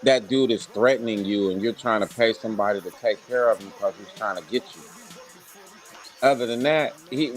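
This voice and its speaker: A man's voice: lowish voice, fairly quick, soft background music, low-quality recording. A man co-hosting a casual commentary show, giving his opinions bluntly in a slangy way.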